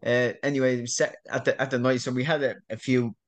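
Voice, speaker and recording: A man's voice: mid-range voice, little pitch movement, fairly quick. A middle-aged Irish man telling a rambling story in a casual interview, repeating words and laughing often. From Ireland. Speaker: guest.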